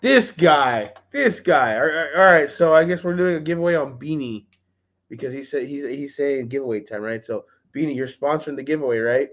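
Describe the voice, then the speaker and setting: Here's a man with a fairly bright, higher-pitched voice and animated delivery at normal speed. Hosting a relaxed home livestream, he chats with viewers by name and drops "dude" here and there. The sound is somewhat dull, lo-fi stream quality.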